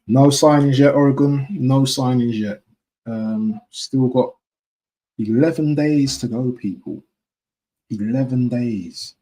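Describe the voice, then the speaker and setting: A man's voice: mid-range voice, slow pace, dark tone, low-quality recording. A man from talking casually to his viewers on a live stream, repeating himself and often asking "yeah?". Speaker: football fan streamer.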